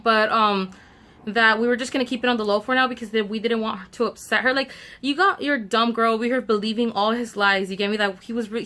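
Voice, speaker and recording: A woman's voice: on the high side, bright, forceful tone. A young woman chatting to her viewers in a casual story time, full of fillers and asides to the audience. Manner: chatty, many fillers, addresses viewers directly. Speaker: vlogger telling a story time.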